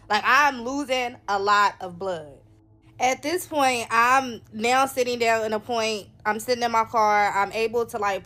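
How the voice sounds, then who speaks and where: A woman's voice: a little high, a bit bright. A woman from North Carolina, candidly telling viewers her own story in a casual, conversational way. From North Carolina, USA.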